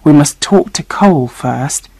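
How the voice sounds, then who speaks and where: Storybook villain: a soft-voiced, cruel woman, voiced by a woman reader, low and slow. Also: expressive, gravelly, husky, no room sound, full character voice. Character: soft-spoken, cruel female terrorist.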